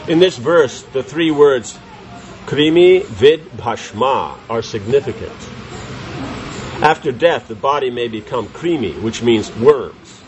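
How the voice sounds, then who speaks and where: A spiritual teacher with a medium-pitched, expressive voice gives a scripture class slowly, reading commentary aloud and then explaining it through rhetorical questions to his listeners. The audio is poor, with a little hiss or hum.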